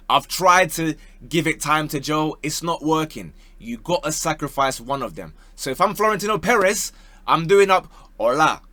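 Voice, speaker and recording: A young man talks football in a loose, comic way, full of slang and quick bits. His voice sits a little high and sounds bright and forceful. The sound is close and dry. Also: no echo. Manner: playful and slangy, slipping into joke voices. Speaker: football YouTuber. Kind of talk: comedic football talk.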